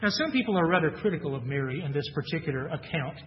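A man with a high voice delivers an earnest sermon, reading verses aloud and then unpacking them. The sound is muffled, with long reverb from a large church hall. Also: lively intonation, fast. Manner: earnest, reads scripture aloud then explains it. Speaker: preacher. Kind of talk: expository sermon.

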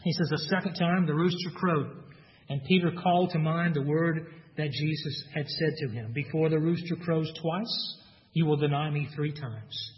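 A man's voice: fairly high pitch, normal speed, big-room sound, highs cut off. A man with a Texas accent preaching a sermon, earnest, acting out quoted lines with rising emphasis. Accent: Texan. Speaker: pastor.

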